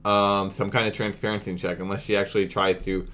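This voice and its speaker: A young man with a slightly low voice runs a casual commentary video. He talks in a brash, mocking, indignant way. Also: little pitch movement, a little fast, fairly bright tone. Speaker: youtube commentator.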